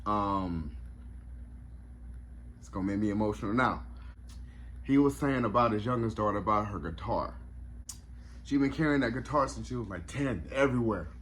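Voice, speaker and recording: A man with a fairly low voice talks through a review in a casual vlog. He is reflective and openly moved, and he often pauses on fillers and restarts his sentences. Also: a bit bright, slight background noise. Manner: reflective, emotional, many fillers.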